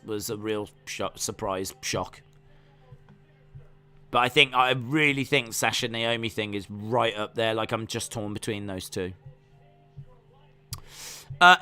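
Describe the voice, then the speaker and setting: Chatty English man, bright voice. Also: mid-range voice, clear, resonant tone. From England. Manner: rambling, self-deprecating, frequent restarts. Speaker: wrestling watch-along streamer. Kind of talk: casual live-stream chat reading viewer comments.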